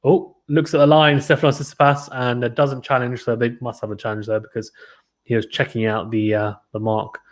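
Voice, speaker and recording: A man's voice: mid-range voice, little pitch movement, fairly quick. A man commentating a live tennis watchalong stream, chatting casually and reading out viewer comments between points.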